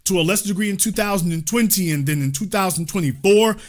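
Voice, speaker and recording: A man's voice: high voice, quick pace. A man hosting a political livestream, talking in a sarcastic, mocking way to his chat. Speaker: livestream political show host. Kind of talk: livestream commentary.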